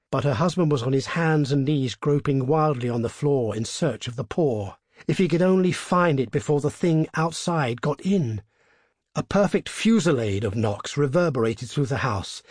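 A man reading a short story aloud in a measured, hushed and tense way, as scripted narration. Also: on the high side, no room sound, studio quality. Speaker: reader.

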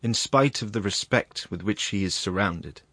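Grave low-voiced male narrator. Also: fairly bright tone, dry recording. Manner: measured, grave. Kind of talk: scripted narration of a classic story.

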